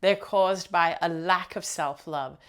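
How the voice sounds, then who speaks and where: A woman's voice: on the low side, takes it slowly, smooth. A woman hosting her own channel, chatting casually to viewers with rambling asides and frequent laughs. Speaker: host.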